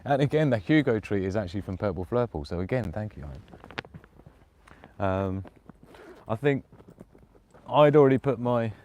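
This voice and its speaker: A man's voice: on the low side, animated, moderate pace, long pauses, mellow, a little hiss or hum. A man live-streaming casual chat outdoors in the woods at night, laughing often and cooing at his dog. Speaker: prepper vlogger.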